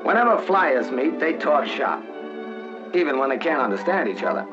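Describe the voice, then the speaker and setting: A man's voice: mid-range voice, big pitch swings, moderate pace. A man narrating a 1940s wartime documentary as one of the flyers, in a wry, folksy, joking manner. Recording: dull 1940s film soundtrack with music.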